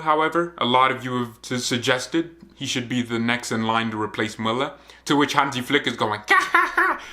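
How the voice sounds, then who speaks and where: A young man gives casual football commentary for his fan vlog. His delivery is joking and animated, and his voice has a bright, forceful ring. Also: mid-range voice. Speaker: football channel host.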